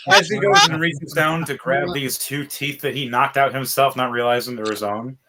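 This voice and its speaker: A man running a tabletop game as game master, narrating with animated, laughing energy. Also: mid-range voice, normal speed, few pauses.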